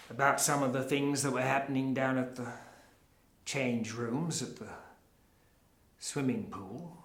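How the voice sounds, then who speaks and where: An actor with an Australian accent playing a showy, evasive middle-aged crusade leader in a theatre monologue, chatting straight to the audience. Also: male voice, on the high side, slight background noise. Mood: confiding. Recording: roomy, echoey.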